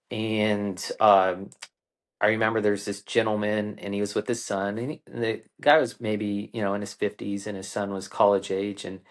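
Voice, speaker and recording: A man in his forties, a coach and podcast guest, telling a personal story in an earnest, unhurried way with frequent ums and restarts. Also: fairly low pitch. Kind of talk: reflective conversational storytelling.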